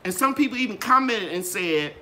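An older woman talks to her viewers in a live gardening Q and A. Her voice swoops up and down in a sing-song way. Her tone is bright and ringing, like a trained singer's. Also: brisk. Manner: animated, sing-song ups and downs in pitch. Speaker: gardening channel host. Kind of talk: live Q and A chat.

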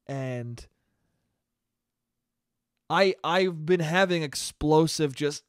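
Young guy, fairly high voice, dry close sound, swears a lot and mocks himself in a loose solo podcast rant. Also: moderate pace, dry recording. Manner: profane, rambling, self-mocking. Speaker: podcast host and comedian. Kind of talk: casual solo podcast monologue.

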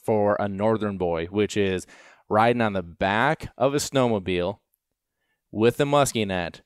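A man who trains gundogs, casually telling a long story in an animated, self-deprecating way, with lots of fillers. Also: lowish voice, unhurried, clean tone, no room sound, studio quality.

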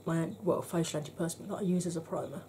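A middle-aged woman reviews makeup to camera in a mellow, warm voice. She chats frankly with dry humour and sometimes drops to a soft half-whisper. Faint noise hums behind her. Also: sits low, fairly even intonation, very fast. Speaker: beauty vlogger.

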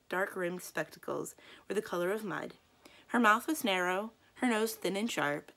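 A woman librarian reading a children's book aloud in a calm, expressive storytelling manner. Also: fairly low pitch, vocal fry.

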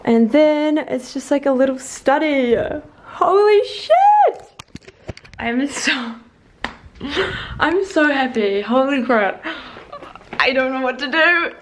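A young woman in her twenties vlogging casually, gushing and swearing with excitement, at times tearful. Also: high voice, slow pace, noisy background. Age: young adult. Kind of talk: casual vlog.

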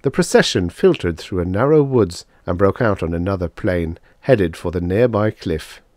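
A man narrating a vintage science fiction audiobook in an expressive storytelling read. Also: sits low, moderate pace, dry recording, clean studio sound. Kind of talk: scripted narration.

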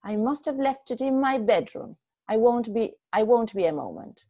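A woman's voice: fairly high pitch, animated, moderate pace, warm tone, no room sound, lo-fi sound, pitched above the performer's own voice. A woman reading a testy, fussy old husband. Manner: testy, commanding. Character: fussy, controlling elderly husband.

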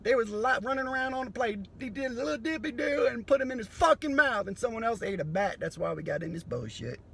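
A man doing a profane, sardonic comedy monologue that breaks into sudden loud bursts. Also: very high-pitched, animated, fast, creaky, slight background noise.

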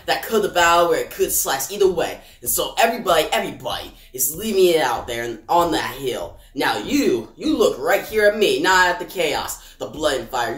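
A man voicing a gruff veteran army sergeant who talks in a folksy, gritty, protective way. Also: a little high, fairly bright tone. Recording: echoey room.

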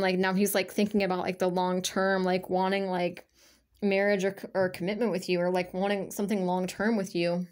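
A woman speaks straight to her viewers while giving a loose, unscripted spiritual energy reading to camera, her voice mid-pitched for a woman with a darkish tone. She rambles, restarts sentences and fills them with fillers. Her talk is blunt and full of swearing.

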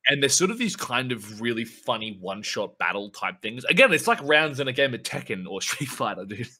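A man co-hosting a podcast in casual chat, excitable and rambling, swearing a lot as he talks. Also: mid-range voice, a little fast, husky. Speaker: podcast co-host.

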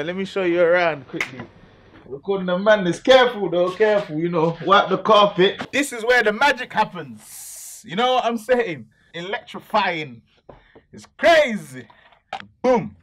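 A brash young rapper, as a man acts him out pumps himself up in a high voice. His talk is loud and full of slang. A faint hiss sits behind him. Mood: hyped. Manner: hyped, shouty, full of street slang. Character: brash young male grime rapper, boastful hype man. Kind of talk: mockumentary comedy acting.

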